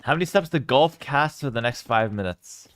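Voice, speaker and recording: A young man casting a strategy game live and chatting with his viewers, with sudden bursts of excitement. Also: mid-range voice, moderate pace, no echo. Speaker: game streamer and caster. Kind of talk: live game commentary with chat.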